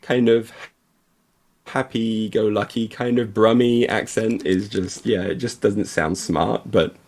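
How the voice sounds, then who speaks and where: Brief: man, low gravelly voice, rambling self-deprecating stream chat. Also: steady tone, slow, darkish tone. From Essex, England. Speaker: livestream co-host. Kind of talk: casual chat while painting.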